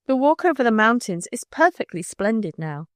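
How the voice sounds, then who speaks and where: A woman reading aloud as a kind, earnest schoolgirl who speaks softly and pleadingly. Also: a little high, sing-song, normal speed, no echo, clean studio sound. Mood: coaxing. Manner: soft and pleading. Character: kind, earnest teenage schoolgirl, gentle and tearful.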